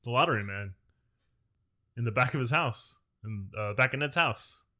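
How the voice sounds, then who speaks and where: Brief: mid-pitched male podcast co-host, chatty, easy laughter. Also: expressive, normal speed, bright, forceful tone. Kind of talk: casual movie-review chat.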